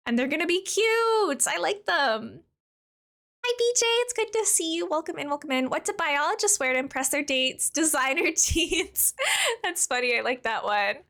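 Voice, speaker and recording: A high, bright-toned woman streaming a game live, chatting casually with her viewers. She talks in a chatty, giggly way, and her voice swoops up and down a lot as she goes. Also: very animated, normal speed. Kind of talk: casual live-stream chat while playing.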